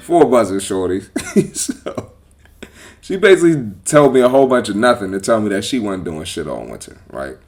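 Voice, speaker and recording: A man hosting a podcast as a personal trainer, talking bluntly and with profanity in a casual, animated monologue. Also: fairly low pitch, moderate pace.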